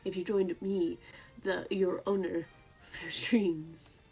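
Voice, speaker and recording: A woman streaming from home, chatting casually and cooing at her pet cat in a sing-song baby voice, now and then dropping to a soft whisper. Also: lowish voice, flat delivery, slow, faint music behind. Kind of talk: casual live-stream chat. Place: home room while streaming.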